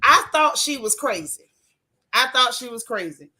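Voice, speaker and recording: A woman who hosts a reality TV recap channel chats bluntly through a live reaction to a reunion, reading out viewer messages in loose, colloquial grammar. Her voice is a little high, her pace moderate.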